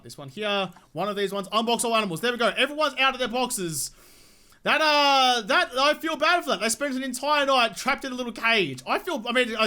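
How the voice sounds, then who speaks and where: A man giving casual, excitable commentary on his gameplay, chatting to the game's animals as he plays. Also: high voice. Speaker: gaming channel host.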